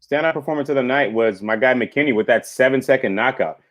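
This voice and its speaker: A man's voice: medium pitch, fast, fairly bright tone. A man co-hosting a casual fight recap podcast, enthusiastically breaking down fights in detail. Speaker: podcast co-host.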